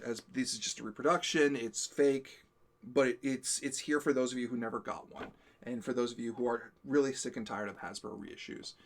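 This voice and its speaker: A man co-hosting a stream, telling stories in a casual chat, animated, often laughing and acting out what people said. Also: medium pitch. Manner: animated storyteller, laughs often, acts out quotes. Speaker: stream co-host.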